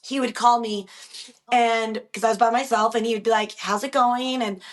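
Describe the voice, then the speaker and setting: A young woman guest in a podcast interview, talking openly and emotionally, laughing softly between thoughts. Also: fairly high pitch, flat delivery, moderate pace.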